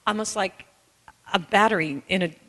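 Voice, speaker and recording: Animated woman speaker in a reverberant hall. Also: medium pitch, moderate pace. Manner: animated and candid, breaks into song snippets. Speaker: author and caregiver speaking to an audience. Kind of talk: conference talk, personal storytelling. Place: large hall with an audience.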